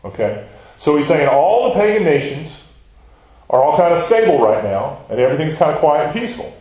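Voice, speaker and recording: A man's voice: a little high, very animated, fairly quick, a little mellow. A man teaching a Bible study, talking conversationally and putting questions to the class. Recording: echoey room.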